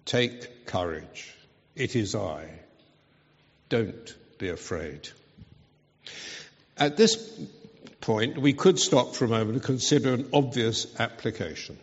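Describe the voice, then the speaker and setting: A man preaching a sermon, speaking earnestly and with emphasis. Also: medium pitch. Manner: slow, earnest, emphatic delivery. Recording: dull, reverberant hall sound.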